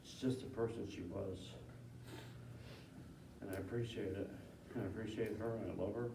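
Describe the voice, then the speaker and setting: Male mourner, eulogy, halting and emotional; distant echoey room with clear hiss. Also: on the low side, steady tone. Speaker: family member giving a eulogy. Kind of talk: funeral eulogy. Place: funeral home chapel.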